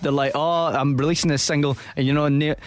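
A man's voice: on the high side, steady tone, fairly quick. A young Scottish man hosting a radio show in casual studio chat, teasing and laughing often. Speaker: radio host. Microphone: studio microphone.

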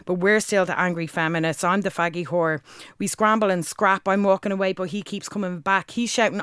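A woman with a Dublin accent performs a rhythmic spoken-word poem with forceful, crude language. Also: lowish voice, fairly even intonation, fairly quick, smooth, no echo, clean studio sound. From Ireland. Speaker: guest, spoken word artist.

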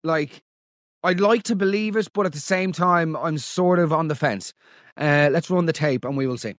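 An Irish man hosting a podcast, mocking listener stories in comic commentary with big theatrical swings in pitch. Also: normal speed, dry recording, studio quality. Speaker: podcast host.

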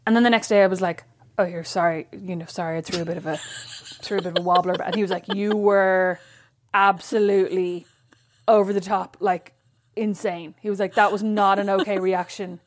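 A woman co-hosting a podcast in casual chat, telling stories in a frank, expressive way and swearing casually. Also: on the low side, quick pace. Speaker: podcast co-host.

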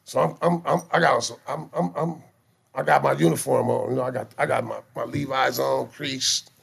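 Gravelly, husky man telling rough stories. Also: mid-range voice, moderate pace. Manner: profane, animated, stammering restarts, slang-heavy. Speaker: guest telling life stories. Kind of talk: casual storytelling chat.

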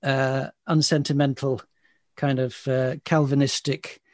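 A man's voice: medium pitch, little pitch movement, unhurried, no echo, clean studio sound. A man hosting an interview, asking thoughtful, hesitant questions. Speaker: host. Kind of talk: interview conversation.

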